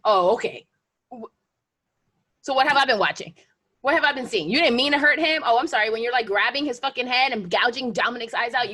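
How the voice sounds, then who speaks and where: A woman co-hosting a casual podcast, ranting in a profane, fast-talking way. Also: fairly high pitch, sharp tone. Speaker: podcast co-host. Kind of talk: casual chat.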